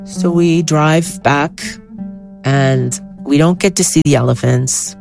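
Woman storyteller, middle-aged, low and measured, vivid anecdotal delivery. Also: gravelly, over music. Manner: vivid, animated retelling with quoted dialogue. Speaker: guest storyteller. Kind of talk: personal storytelling.

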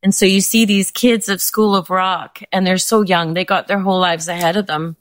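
A woman's voice: lowish voice, steady tone, moderate pace, no echo. Older woman speaking candidly and with feeling. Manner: candid and heartfelt. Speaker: interview guest. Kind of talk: emotional interview.

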